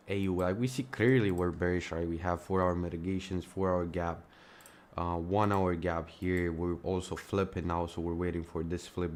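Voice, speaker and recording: A man live-streaming his trading at a computer, talking casually to viewers, swearing freely and calling them man and bro, often dropping to a quiet mumble as he focuses. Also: slight background noise. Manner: mumbles low and quiet while focused on the chart.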